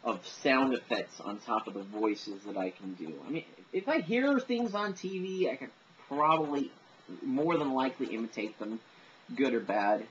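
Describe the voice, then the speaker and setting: Talking at a moderate pace in a mid-range voice, a man rambles casually about the voices he can imitate, with plenty of fillers and self-deprecating comments. The amateur impressionist's monologue has lo-fi sound and slight background noise.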